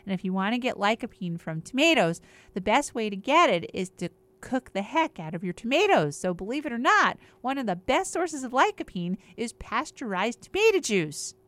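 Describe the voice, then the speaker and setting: A woman's voice: a little high, very animated, normal speed, fairly bright tone, dry recording. A woman on a regular show, talking in an upbeat, chatty way as she explains things and lists example after example. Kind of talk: casual explanatory health chat.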